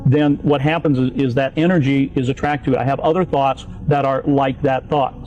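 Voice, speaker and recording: A man in an old video clip calmly explaining an idea step by step with everyday examples. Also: medium pitch, fairly quick, dull audio, soft background music. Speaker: motivational speaker in an old clip. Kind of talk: explanatory talk.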